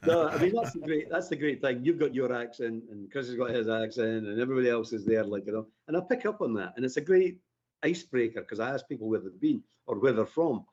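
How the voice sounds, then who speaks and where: A man who learned the Queen's English talks as a firearms instructor on a live podcast, chatty and rambling with easy laughs. His voice is husky and the stream audio sounds dull. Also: mid-range voice, lively intonation, fast, darkish tone. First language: British English. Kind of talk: casual live podcast chat.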